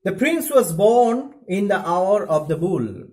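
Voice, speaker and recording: A man's voice: sits high, very animated, slow, darkish tone, pitched above the performer's own voice, exaggerated voice. A male teacher reading the lines of a grave chief astrologer making a prophecy. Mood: solemn.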